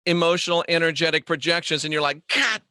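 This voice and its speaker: A man's voice: fairly high pitch, expressive, unhurried, sharp tone, dry recording, clean studio sound. A man hosting a casual livestream monologue, rambling and joking as he answers viewer comments. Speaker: host.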